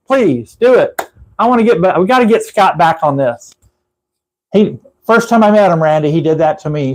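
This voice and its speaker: High-voiced chatty Texan man. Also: poor audio. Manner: rambling, chatty, laughs at his own stories. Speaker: livestream host. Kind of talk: casual live chat with viewers. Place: his room at home.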